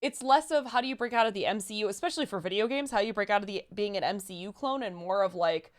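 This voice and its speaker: A woman's voice: medium pitch, quick pace. A woman co-hosting a casual livestream chat, reading out viewer messages and questions. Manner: lively, reads donor messages.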